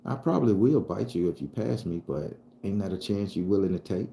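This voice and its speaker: A man voicing a calm, serene male snake that talks to him in his head, in a spoken ghost story. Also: low voice, a little fast, gravelly, roomy sound.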